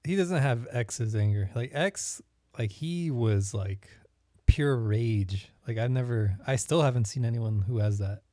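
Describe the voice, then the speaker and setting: A man's voice: medium pitch, unhurried, dark tone, dry recording, clean studio sound. A man co-hosting a casual movie review chat, giving short laid-back replies. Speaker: podcast co-host.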